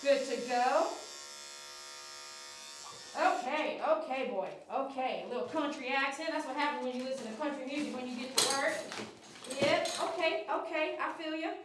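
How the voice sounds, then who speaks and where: Groomer lady, soothing and coaxing, fairly high voice, echoey room with the mic off a ways. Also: a little fast, distant mic, noisy background. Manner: soothing, coaxing, repeats herself to the dog. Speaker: dog groomer. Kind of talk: casual talk while grooming a dog.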